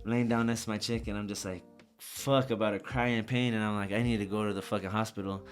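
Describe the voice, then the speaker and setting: Profane, animated young male storyteller. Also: fairly low pitch, fast, faint music behind. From Socorro. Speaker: rapper guest. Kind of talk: casual storytelling.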